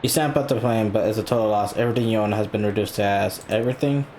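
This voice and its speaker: Brief: low-voiced male let's player, casual, reads game text aloud with quick reactions. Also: darkish tone, slight background noise. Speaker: gaming channel host.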